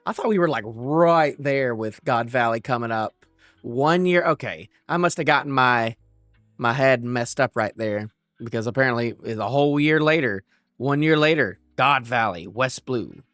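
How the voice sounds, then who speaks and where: A man's voice: mid-range voice, moderate pace, a bit bright, dry recording, studio quality, soft background music. A man hosting a live manga chapter reaction, playful and jokey, riffing and repeating himself as he reads. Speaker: manga reviewer.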